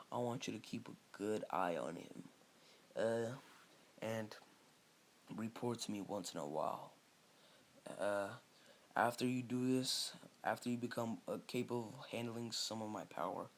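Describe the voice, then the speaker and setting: A man voicing a calm, scheming snake-like villain who speaks slowly and quietly. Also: medium pitch, slight background noise, close to an everyday voice.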